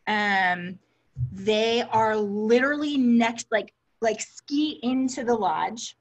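A woman's voice: fairly high pitch, slow pace, dull audio. A woman co-hosting a casual chat, effusive and affectionate, with frequent "like" and "um" fillers. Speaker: podcast co-host.

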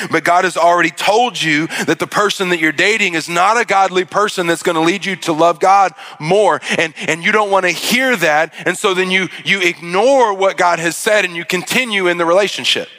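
A man delivering a sermon in a high, bright voice. He tells a story and acts out its characters, often restarting his sentences as he goes. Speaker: pastor.

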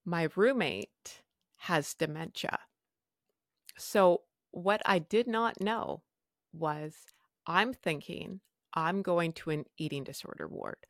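A woman's voice: lowish voice, slow pace, no room sound, studio quality. A woman hosting a podcast, telling a personal story frankly with wry humor and casual swearing. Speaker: podcast host.

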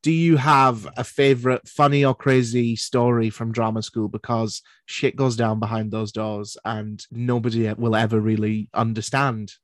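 A man's voice: mid-range voice, level tone, moderate pace, hardly any pauses, no echo. A young man hosting a podcast, chatting loosely with lots of "like" and "um". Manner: chatty, loose, full of fillers. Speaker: podcast host. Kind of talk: casual interview chat.

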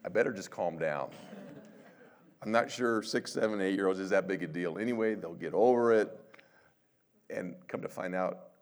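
A man's voice: low-pitched, normal speed. An older man, a pastor of many years, giving a conversational sermon, telling stories with self-deprecating humor and acting out quotes.

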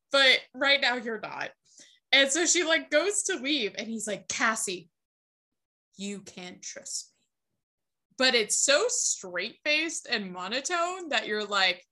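A young woman with a bright, slightly high voice chats through a TV episode as a podcast co-host. She tells it loosely and animatedly, mixing in swearing and quick impressions of the characters. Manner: animated storytelling, acts out characters' lines, swears and laughs. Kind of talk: casual recap chat.

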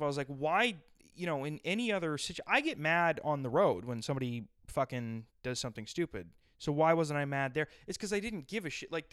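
A man's voice: on the high side, fairly bright tone, clean tone, no room sound, clean studio sound. A man hosting his own podcast, riffing crudely and profanely in a rambling solo rant. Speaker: podcast host.

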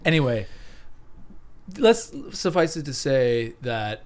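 A man co-hosting a podcast, talking about parenting in animated casual banter, muttering asides and acting out quotes. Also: medium pitch, slow pace. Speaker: podcast co-host.

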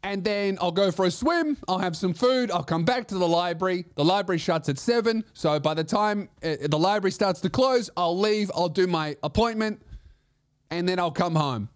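This is a comedian hosting his own show, delivering a sarcastic, profanity-laced rant. His voice sits notably high for a man, and his grievances pile up one after another. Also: moderate pace. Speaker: comedian host. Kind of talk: comedic podcast monologue.

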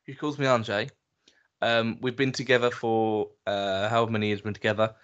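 A man's voice: fairly low pitch, flat delivery, fairly quick, a bit bright, clear, resonant tone, highs cut off. A man co-hosting a podcast, chatting casually with a dry, teasing wit. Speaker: podcast co-host. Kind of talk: casual chat.

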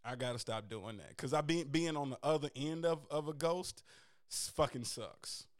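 Casual male talker, slightly high, animated and profane, rambling delivery. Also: moderate pace. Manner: animated, profane, swings loud and high when worked up. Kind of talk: casual chat.

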